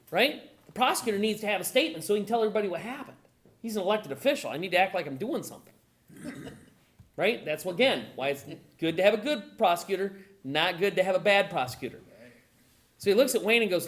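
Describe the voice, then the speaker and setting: A woman's voice: mid-range voice, fast talker. A woman giving a live talk to a group, asking the audience questions and acting out conversations. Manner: animated, acts out conversations, asks the audience questions. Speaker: presenter at a gun owners' meeting.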